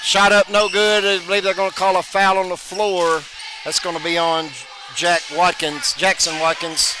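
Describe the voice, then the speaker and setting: A male play-by-play announcer with a high-pitched voice calls a live basketball game with rapid calls and bursts of excitement on made shots. Gym noise fills the background.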